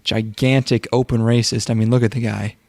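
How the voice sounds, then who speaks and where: A man co-hosting a podcast in casual chat, joking in a deadpan, sarcastic way. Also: mid-range voice, a little fast, vocal fry. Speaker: podcast co-host.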